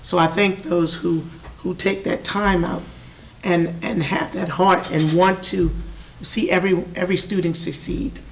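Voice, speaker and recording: A hoarse woman speaks at a board meeting in a low, flat voice, halting often with fillers. She sits a little back from the microphone, with faint noise in the room. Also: recorded from a distance, rough recording. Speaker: board member. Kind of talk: meeting remarks.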